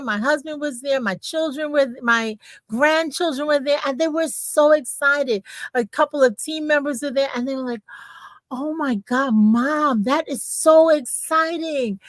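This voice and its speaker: An older woman, a grandmother and beauty consultant, chatting on a livestream in an animated, emphatic storytelling manner. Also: sits high, dry recording. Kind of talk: livestream testimonial chat.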